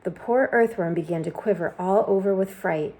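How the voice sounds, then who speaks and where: A woman reading a children's book aloud with expressive storytelling narration. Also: medium pitch, normal speed. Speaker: storybook reader.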